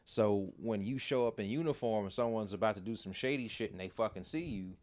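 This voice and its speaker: A man's voice: fairly low pitch, brisk, darkish tone, dry recording. A man who is a police recruit, chatting as a podcast guest in a profane, rambling way with frequent restarts. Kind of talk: casual podcast chat.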